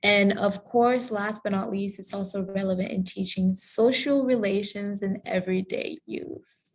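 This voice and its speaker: A woman's voice: mid-range voice, steady tone, unhurried. Woman from Cameroon giving a lecture. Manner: friendly explanatory tone, with some fillers and self-corrections. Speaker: guest lecturer. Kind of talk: online presentation with Q&A. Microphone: video call.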